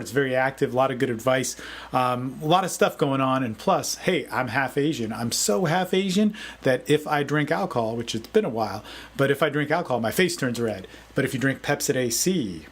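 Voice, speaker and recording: A man giving a casual, energetic motivational talk as a dating coach, often saying "man". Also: mid-range voice, a little fast. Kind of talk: casual video talk answering a forum question.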